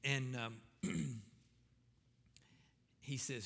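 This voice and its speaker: A man's voice: fairly high pitch, unhurried, bright, forceful tone, long reverb tail. A man preaching a sermon in a church, talking in a conversational way with fillers and restarts, then building to emphatic questions. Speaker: pastor. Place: church sanctuary.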